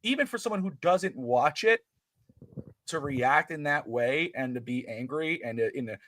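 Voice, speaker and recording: A man's voice: mid-range voice, expressive, moderate pace, a bit bright. A middle-aged man co-hosting a wrestling podcast in casual chat, rambling and restarting his sentences. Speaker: podcast co-host.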